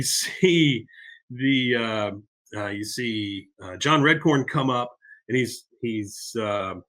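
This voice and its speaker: Rambling, bright-voiced podcast host. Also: male voice, mid-range voice. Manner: rambling, with many fillers and laughs. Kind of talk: casual episode recap.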